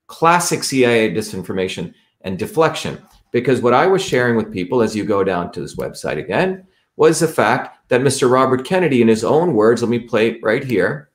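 A man's voice: mid-range voice, very animated, a little fast. Guy running a livestream, pushy and repetitive, keeps asking "okay?", medium voice. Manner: emphatic, repetitive, with frequent checks to the audience. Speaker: livestream host. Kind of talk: presenting a website on a livestream.

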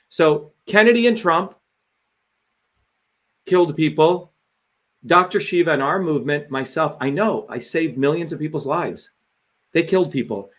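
A man with a somewhat high voice rants on a livestream. He talks as a political candidate and host, and his delivery is fiery, forceful and full of swearing. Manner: fiery, profane ranting delivery.

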